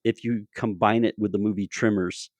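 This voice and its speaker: A man with a Southern US accent from the Deep South, hosting a casual podcast interview, easygoing with frequent stammering restarts. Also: fairly even intonation, normal speed, a little mellow, no room sound. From Deep South, United States. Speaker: podcast host.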